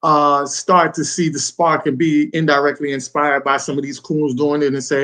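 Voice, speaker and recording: A man's voice: fairly high pitch, little pitch movement, moderate pace, few pauses, pushed and bright. A man co-hosting a podcast in loose, rambling casual chat, often checking in with "you know what I'm saying". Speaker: podcast co-host.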